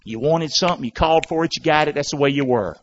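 Speaking fast in a slightly high voice, a male pastor leads call and response, urging his congregation to echo his phrases during a sermon in the church sanctuary. The lo-fi recording is dull, with a little hiss or hum.

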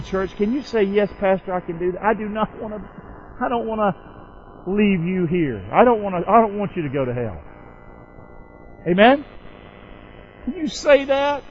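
High-voiced preaching man, call-and-response. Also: lo-fi sound. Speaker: pastor. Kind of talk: sermon.

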